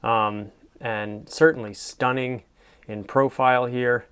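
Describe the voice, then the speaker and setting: Admiring, rambling man with a smooth voice. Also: medium pitch, steady tone, slow. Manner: enthusiastic, admiring, rambling with fillers; soft-spoken sleep-friendly delivery. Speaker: host. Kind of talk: casual commentary on classified ads.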